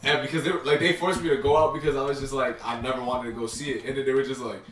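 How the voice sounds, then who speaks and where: A man's voice: medium pitch, steady tone, very fast, distant mic. A man as a podcast guest in casual chat, laid-back and joking with slang. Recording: echoey room, set back from the mic, faint noise.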